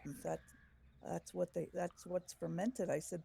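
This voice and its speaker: A woman's voice: fairly low pitch, steady tone, a little slow, vocal fry, dark tone, breathy edge. A woman playing a tabletop game, hesitant, with fillers and restarts. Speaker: player.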